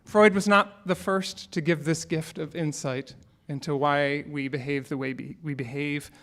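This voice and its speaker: Male minister, fairly high voice, relaxed conversational sermon with humor. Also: measured pace. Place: church sanctuary.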